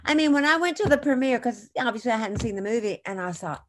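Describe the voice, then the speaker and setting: Chatty woman telling animated stories. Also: a little high, brisk, hardly any pauses, slight background noise. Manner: chatty, animated anecdotes with frequent restarts. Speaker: actress guest. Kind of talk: casual interview storytelling.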